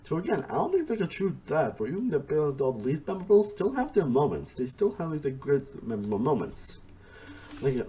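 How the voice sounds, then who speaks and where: Animated rambling man reviewing a show. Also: mid-range voice. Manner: rambling, often repeats "honestly" and "again"; restarts sentences mid-thought. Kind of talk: casual spoken review.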